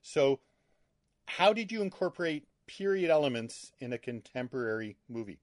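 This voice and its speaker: A man's voice: mid-range voice, sing-song, normal speed, dry recording, studio quality. A man interviewing a director, asking curious, casual and playful questions.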